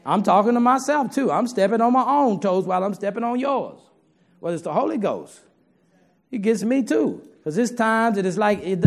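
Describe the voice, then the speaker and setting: A man's voice: high-pitched, darkish tone. A man preaching a sermon to his congregation in a folksy, humorous way, talking straight to the listeners.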